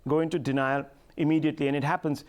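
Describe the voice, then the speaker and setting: A man moderates a televised news panel, his voice sitting slightly high. He talks assertively and cuts in to steer the guests along. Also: level tone, racing. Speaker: news debate host.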